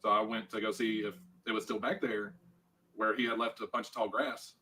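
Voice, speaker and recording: Flat, low-voiced halting man. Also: slight background noise, poor audio. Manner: halting, stammering, subdued. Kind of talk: reluctant on-camera storytelling.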